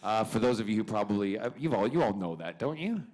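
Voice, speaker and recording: A man's voice: lowish voice, very animated, fast talker, noisy background. A man at a fan convention panel, telling stories to the crowd in a playful, theatrical way and laughing often. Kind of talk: animated anecdote telling to a crowd. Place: convention hall stage.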